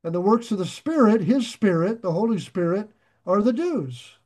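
An older man preaching a sermon, folksy and animated, joking and swinging his volume up and down as he reads scripture. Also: high voice, normal speed. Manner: folksy, animated preaching with jokes and sudden shifts of loudness. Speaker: pastor.

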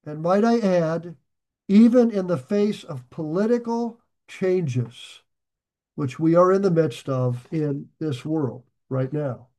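A man preaching a sermon, talking to his listeners in an easy, conversational way and slowing down to press home key phrases. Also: on the high side, warm tone. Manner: emphatic, slows and rises to stress key phrases. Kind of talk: sermon on scripture.

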